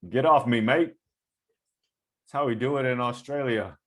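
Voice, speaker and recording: A man's voice: mid-range voice, fairly quick, a bit bright, voice pushed up, close to an everyday voice. A man putting on a bad Australian accent as a player telling a defender to back off. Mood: mocking. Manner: mock Australian accent, jokey.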